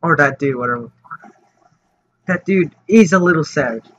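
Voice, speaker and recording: A man's voice: fairly high pitch, lively intonation, normal speed, a bit bright. A man telling a story for his vlog in a casual, rambling way, full of fillers and restarts. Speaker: vlogger. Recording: dull lo-fi audio with faint noise.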